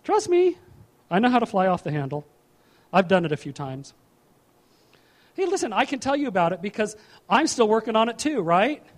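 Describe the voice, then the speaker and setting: A male pastor preaching a sermon in an animated, humorous way, repeating his key phrases. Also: high-pitched, normal speed, pauses often.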